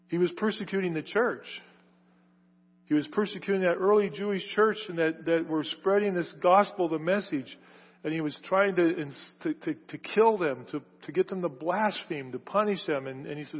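Husky-voiced preacher in a reverberant hall. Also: male voice, moderate pace. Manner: emphatic, builds to loud stressed phrases then drops low. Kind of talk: sermon. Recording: reverberant hall, dull lo-fi sound.

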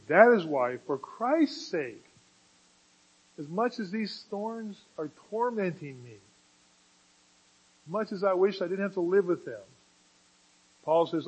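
Husky guy preaching, kinda high voice, goes quiet then gets loud. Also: lively intonation, slow pace, long pauses, rough recording. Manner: dynamic preaching, swings from quiet to loud emphasis. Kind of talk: sermon.

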